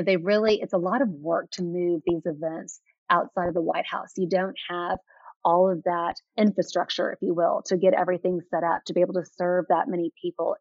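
A woman's voice: lowish voice, no room sound. A woman guest in an interview telling enthusiastic stories with frequent fillers. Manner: enthusiastic, anecdotal, many fillers. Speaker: author guest. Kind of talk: interview storytelling. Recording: dull lo-fi sound.

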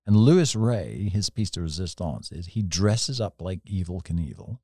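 A man with a very low, dark, mellow voice, telling long rambling stories in a podcast chat. He talks up close on a dry mic. He is animated and laughs often as he goes. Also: unhurried, no echo. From England. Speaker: storyteller, podcast guest. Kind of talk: casual anecdotal storytelling.

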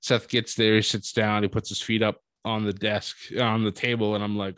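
A man with a low voice recaps a wrestling show in a loose, animated way, slipping into quick impressions as he tells it. The sound is dry and close, with no room around it. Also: clean tone, dry recording. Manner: animated storytelling, acts out quotes. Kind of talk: casual recap commentary.

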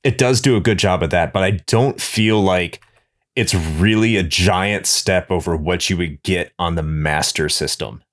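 A man hosting a casual game review podcast, talking in a measured, analytical way. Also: deep voice. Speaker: podcast host.

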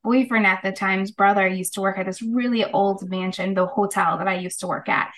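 A woman's voice: mid-range voice, fairly even intonation, fairly quick, a bit bright, poor audio. A middle-aged woman, a guest on an interview show, telling her story in an earnest, casual way and acting out the voices of people she quotes. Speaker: guest, holistic practitioner.

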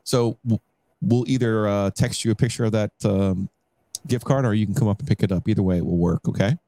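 A man co-hosting a sports podcast, cracking quick jokes in banter. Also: lowish voice, dark tone, no echo. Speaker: podcast co-host. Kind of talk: casual sports podcast chat.

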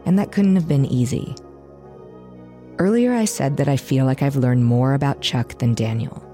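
True crime podcast host, calm wry narration, music under it. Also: female voice, very deep voice. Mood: steady. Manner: measured, wry and reflective. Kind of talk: scripted narration.

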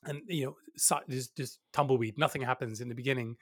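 A man giving candid advice as an interview guest, lively and laughing, often acting out the doubting voices he quotes. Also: mid-range voice, a little fast, slightly rough, no echo, clean studio sound. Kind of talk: casual interview conversation.

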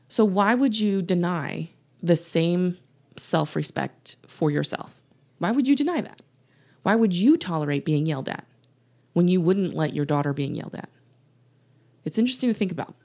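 Earnest, low-voiced woman coach podcasting. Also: brisk, creaky, a little mellow. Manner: earnest and emphatic, repeats key points, laughs lightly. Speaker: podcast host and life coach. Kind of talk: solo podcast monologue.

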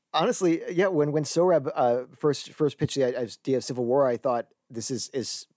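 A man's voice: medium pitch, moderate pace, darkish tone, no room sound, clean studio sound. A man hosting a podcast in casual chat, laughing often and steering the talk. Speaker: podcast host.

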